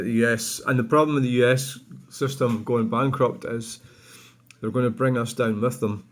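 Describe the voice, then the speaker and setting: A man's voice: mid-range voice, fairly bright tone. Blunt Scottish man in his fifties. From Scotland. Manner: blunt, rambling, sweary. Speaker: vlogger. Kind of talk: reading and answering viewer comments.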